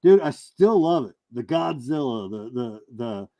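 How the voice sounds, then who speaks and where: A man's voice: mid-range voice, lively intonation, measured pace, mellow, dry recording. A man appearing as a regular guest on a live-stream chat, enthusiastic and full of fillers, often saying man and dude.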